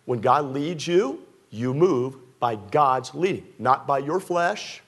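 A man preaching a sermon to a congregation, animated, his voice climbing high when he acts out pleading prayers. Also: takes it slowly, husky. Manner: drops soft and low acting out a scared prayer. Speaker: pastor. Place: church sanctuary with a congregation.

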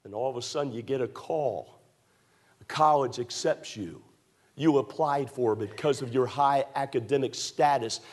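A man preaching a fervent sermon in a church, with a repetitive, rising cadence that climbs toward near shouts. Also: mid-range voice, normal speed. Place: church sanctuary.

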